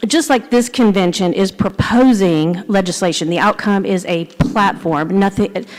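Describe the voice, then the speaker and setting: A woman delegate testifies before a committee. Her voice sits at an ordinary pitch and she lays out each point step by step. The sound comes from a big convention hall with a long, echoey reverb. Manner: steady, explanatory, like a civics lesson. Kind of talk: public testimony at a committee hearing.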